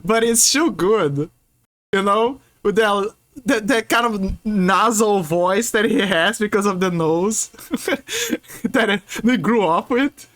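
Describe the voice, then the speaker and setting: A Brazilian woman streams a game and chats playfully and casually with viewers, rambling and frequently restarting her sentences. Her voice is mid-range and a bit bright.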